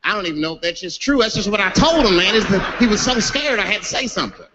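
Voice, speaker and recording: Man, stand-up comedian, profane storytelling, lively swooping pitch, muffled lo-fi sound. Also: fast. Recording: dull lo-fi audio with faint noise.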